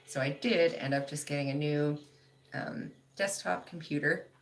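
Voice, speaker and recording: With a deep voice at a normal pace, a woman hosts a casual livestream, chatting loosely and saying "like" a lot. She laughs often while reading viewer comments.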